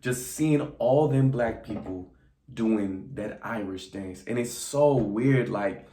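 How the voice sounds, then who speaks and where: A young man casually recapping a movie, acting out the characters' lines in quick voices. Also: lowish voice, dark tone. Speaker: movie reviewer. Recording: echoey room.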